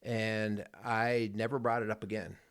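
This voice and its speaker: Earnest low-voiced man storytelling. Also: level tone, measured pace, a bit bright, clear, resonant tone, no echo, clean studio sound. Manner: earnest, rambling, repeats words. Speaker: podcast co-host, marriage coach. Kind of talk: casual chat, storytelling.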